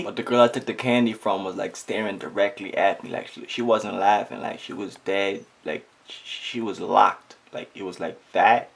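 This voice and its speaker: Brief: young Trinidadian man, comic storyteller, animated and exaggerated, mid-pitched voice. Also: moderate pace, gravelly, few pauses. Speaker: comedic vlogger. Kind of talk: comedic storytime.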